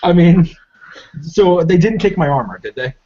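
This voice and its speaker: A man's voice: a little high, expressive, moderate pace, mellow, slight background noise. A man playing a tabletop game, speaking in a hesitant, stop-start way with fillers, over a video call. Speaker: player. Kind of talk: casual tabletop game play. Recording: dull lo-fi call audio.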